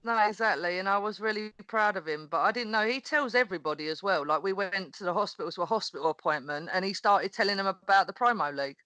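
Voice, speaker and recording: A woman's voice: medium pitch, fast, hardly any pauses, dry recording, low-quality recording. A woman, a podcast guest, chatting casually and animatedly, laughing often as she tells a story. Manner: animated, laughs often, acts out quoted voices. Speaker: podcast guest, wrestling promo performer.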